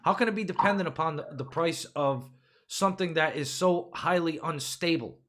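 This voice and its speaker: A man's voice: a little high, normal speed, a bit bright, slight background noise. A man hosting a political podcast, ranting with profanity and rhetorical questions. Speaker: podcast host. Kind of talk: casual political podcast rant.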